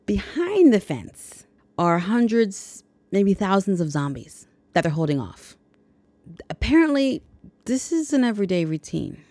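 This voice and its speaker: A woman's voice: medium pitch, sing-song, a little slow, dark tone, no room sound. A woman hosting a podcast, casually retelling a movie's plot with chatty, jokey asides. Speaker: podcast host.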